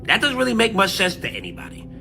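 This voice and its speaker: A man's voice: sits high, fast talker, creaky, faint music behind. A man co-hosting a streamed talk show, reading posts aloud and mocking them with a lot of swearing. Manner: profane, mocking, animated. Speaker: podcast co-host.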